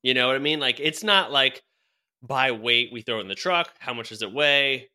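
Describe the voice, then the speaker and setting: Young guy chatting on a podcast, loose and rambly, bright voice. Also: mid-range voice, lively intonation, moderate pace. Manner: rambling, laughing storyteller with lots of fillers and restarts. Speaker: podcast co-host telling a story. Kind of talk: casual chat.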